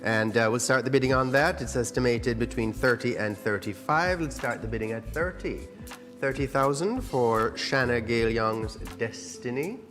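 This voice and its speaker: A man calls lots at a charity auction, upbeat and coaxing as he asks for bids. His voice carries a long hall reverb, with clear music playing behind him. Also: medium pitch, animated, moderate pace, a bit bright. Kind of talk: live charity auction calling.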